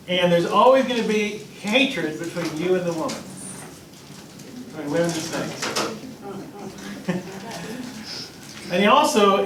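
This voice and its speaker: Slow-talking, high-voiced pastor teaching. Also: male voice. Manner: conversational, animated, acts out voices and laughs. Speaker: pastor teaching a Bible class. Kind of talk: informal Bible class teaching. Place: church classroom. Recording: echoey room, voice from a distance, faint noise.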